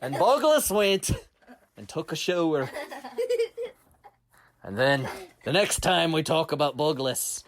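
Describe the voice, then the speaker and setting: A man's voice: a little high, sing-song, slow pace, pauses often. A man telling a children's story in a playful manner, often laughing as he goes.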